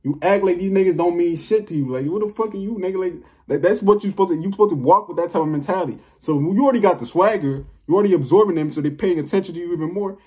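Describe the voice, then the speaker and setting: A man's voice: high voice, rapid-fire, hardly any pauses, dark tone. A young man talking to camera about spiritual confidence, emphatic and profane, repeating his points. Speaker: spiritual vlogger. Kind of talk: casual spiritual monologue.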